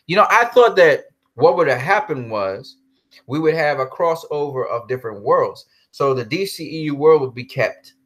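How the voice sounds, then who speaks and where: A man's voice: a little high, expressive, normal speed, fairly bright tone. A man ranting heatedly in a commentary vlog, swearing and then apologizing for cursing. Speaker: commentary vlogger.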